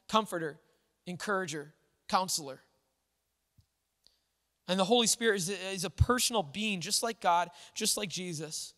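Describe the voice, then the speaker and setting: A man's voice: high voice, fairly bright tone. A man preaching a sermon in an earnest, conversational way, with frequent restarts. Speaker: pastor. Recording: long hall reverb.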